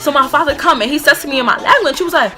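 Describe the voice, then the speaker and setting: A young woman spins out a personal story for her vlog, her high voice rising and falling as she rambles on. Her tone is bright and a little sharp. Faint music plays underneath her. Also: very fast. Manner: animated, rambling retelling full of fillers and laughs. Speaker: vlogger.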